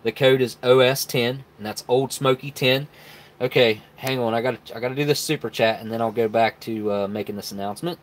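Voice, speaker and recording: A man's voice: mid-range voice, steady tone, brisk. A man hosting a casual live stream, greeting viewers by name and rambling through announcements.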